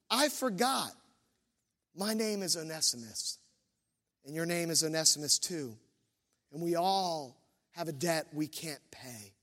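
A man's voice: high voice, a bit bright. A man in his thirties preaching a sermon and telling a self-deprecating personal story, with many restarts. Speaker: pastor. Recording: long hall reverb.

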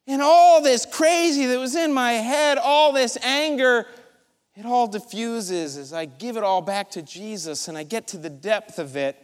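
A middle-aged man preaching a sermon, animated and storytelling, acting out his own thoughts. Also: extremely high pitch, measured pace. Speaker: pastor. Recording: large hall reverb.

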